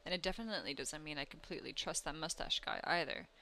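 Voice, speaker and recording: A woman's voice: low-pitched, fast, pushed and bright, rough recording. A woman voicing a haughty, stubborn rival creature in a video game. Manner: haughty, dismissive. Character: stubborn proud rival puni.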